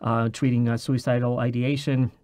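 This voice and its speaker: Hesitant podcast host, dry sound. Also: male voice, mid-range voice, flat delivery, moderate pace, darkish tone, no echo. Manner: hesitant, many fillers. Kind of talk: interview questions and chat.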